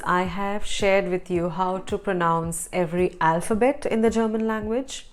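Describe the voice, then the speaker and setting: A woman from India hosting an online language lesson, repeating words slowly and quizzing the viewer. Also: medium pitch. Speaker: language teacher and channel host.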